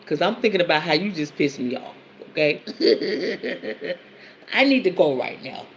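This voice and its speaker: Laughing, candid woman with a gravelly voice. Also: lowish voice, a little hiss or hum. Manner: candid, laughing, talks straight to listeners as y'all. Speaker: podcast host and women's counselor. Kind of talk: casual storytelling monologue.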